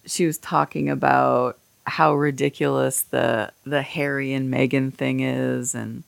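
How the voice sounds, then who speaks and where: Low-voiced woman rambling candidly. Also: flat delivery, measured pace, vocal fry, no echo. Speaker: podcast host. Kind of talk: casual chat.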